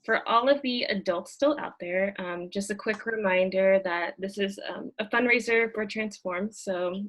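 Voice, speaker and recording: A woman's voice: medium pitch, a little slow, few pauses, fairly bright tone. A woman hosting an online children's story time on a video call, talking casually and upbeat to kids and parents. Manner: friendly, upbeat, with "um" fillers.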